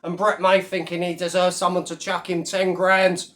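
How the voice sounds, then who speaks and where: A man ranting to camera in a blunt, mocking way. His voice sits high for a man, and he is slightly out of breath after a workout. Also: completely flat delivery, normal speed, a bit bright. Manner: blunt, mocking, addresses viewers as mate. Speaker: vlogger. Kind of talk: casual talking-to-camera rant.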